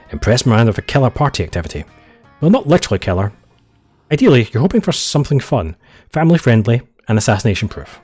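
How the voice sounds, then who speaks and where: A man's voice: medium pitch, very animated, quick pace, a little mellow, breathy edge, soft background music. A man streaming a game, reading its narration with wry, chatty asides. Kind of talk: game playthrough commentary.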